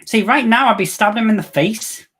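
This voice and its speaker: A man hosting a live movie watch-along, talking in an animated, campy way and laughing a lot. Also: high-pitched, a little fast, breathy edge. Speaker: host.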